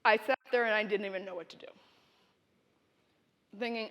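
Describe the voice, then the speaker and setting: A woman giving a keynote speech, telling a story in an animated, dramatic way. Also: medium pitch, normal speed. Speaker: keynote speaker. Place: conference hall. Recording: reverberant hall.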